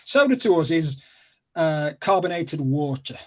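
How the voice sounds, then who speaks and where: A middle-aged English man with a Sheffield, South Yorkshire accent is a guest in a casual chat, speaking in a highish, animated, unhurried voice. He rambles and repeats himself with plenty of fillers.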